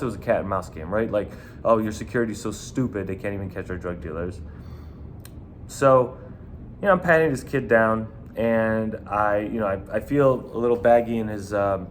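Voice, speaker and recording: A man's voice: fairly low pitch, a little hiss or hum. Profane New York ex-bouncer man. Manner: profane, rambling, animated. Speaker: former nightclub bouncer. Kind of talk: casual storytelling.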